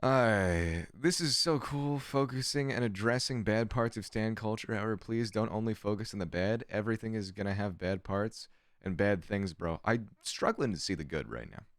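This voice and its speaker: A man's voice: lowish voice, normal speed, dry recording, clean studio sound. A man streamer giving sarcastic, profane commentary while reading chat aloud. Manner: sarcastic, swears often, reads chat aloud. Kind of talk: casual livestream commentary.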